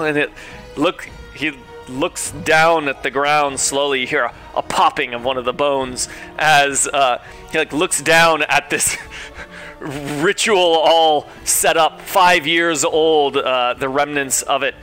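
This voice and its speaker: A man playing a tabletop game, describing his character in a casual, halting way. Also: a little high, sharp tone, soft background music. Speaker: player.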